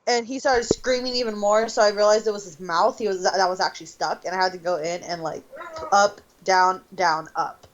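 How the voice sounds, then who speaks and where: A woman's voice: mid-range voice, steady tone, moderate pace, background noise. Rambling woman on a lo-fi mic. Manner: rambling storytelling with fillers. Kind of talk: casual chat. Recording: dull lo-fi sound.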